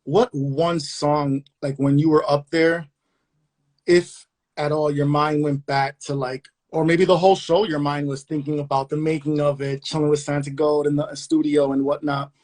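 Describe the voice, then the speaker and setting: Male host, a bit high-pitched, playful and rambling. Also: normal speed. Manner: playful, excitable, rambling questions. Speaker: podcast host. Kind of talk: casual interview chat.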